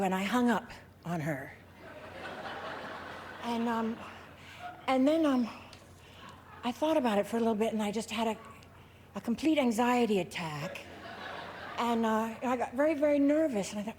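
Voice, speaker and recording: A woman's voice: fairly high pitch, unhurried, long pauses, a little mellow, a little hiss or hum. A middle-aged woman presenting an award on stage, telling a rambling comic story full of fillers and restarts. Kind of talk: comic onstage anecdote. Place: large ballroom on stage.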